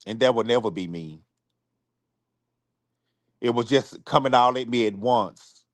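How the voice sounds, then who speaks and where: A man on a live stream apologizing to his supporters. He is close to tears, speaks haltingly, and often repeats himself or restarts his sentences. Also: mid-range voice, no echo.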